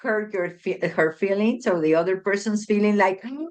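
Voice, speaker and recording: A woman chatting casually as a guest, animated and often acting out little quoted dialogues. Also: mid-range voice, normal speed. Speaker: guest, family member. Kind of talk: casual chat.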